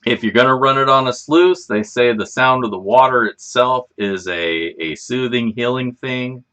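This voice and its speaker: A man's voice: medium pitch, normal speed, pushed and bright. A man hosting a casual livestream, chatting in a rambling, laid-back way and swearing freely. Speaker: livestream host.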